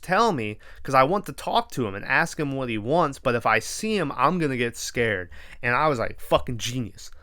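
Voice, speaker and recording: A man's voice: mid-range voice, a bit bright, no echo, clean studio sound. A man hosting a podcast, casually retelling a horror film with lots of swearing and quoted reactions. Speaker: podcast host. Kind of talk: casual movie recap.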